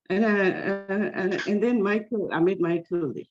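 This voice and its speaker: A woman's voice: mid-range voice, fairly even intonation, normal speed, hardly any pauses. A woman sharing a personal story in a meeting, rambling with many fillers and restarts. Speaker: meeting participant. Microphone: video call. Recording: dull lo-fi call audio.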